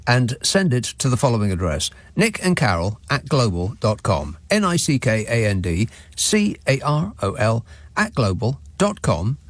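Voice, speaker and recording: A man hosting a radio phone-in, chatting with callers in a dry, sarcastic, deadpan way. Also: mid-range voice, normal speed, dry recording. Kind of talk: late-night radio phone-in chat. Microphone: studio microphone.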